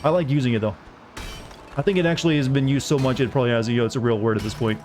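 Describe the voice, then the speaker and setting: A man's voice: mid-range voice, very fast, a little mellow, soft background music. A young man from the southern United States, a streamer chatting casually and rambling as he plays, swearing now and then. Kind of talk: casual chat while gaming.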